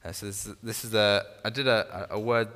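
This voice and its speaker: A man teaching a small Bible study group in a relaxed, conversational way, often restarting phrases and putting questions to his listeners. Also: fairly low pitch, moderate pace. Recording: long reverb in a room.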